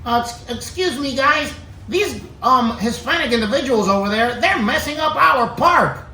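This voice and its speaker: A man's voice: extremely high pitch, lively intonation, moderate pace, pushed and bright, roomy sound, a little hiss or hum, voice pushed up, full character voice, poor audio. A man putting on the voice of a hesitant, overly polite white teenage boy. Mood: prissy, polite. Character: polite nerdy white teen boy tattling.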